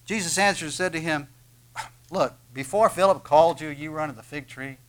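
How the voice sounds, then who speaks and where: Man, sermon, dramatic delivery, raised pitch, hushed then loud. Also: brisk, rough recording. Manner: dramatic, acts out the story in quoted voices. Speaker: preacher.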